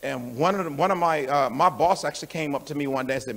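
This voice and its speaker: A middle-aged man preaching a sermon in a conversational way, with restarts and laughs, who builds to emphatic shouts and calls out to the congregation. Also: fairly high pitch, fast talker.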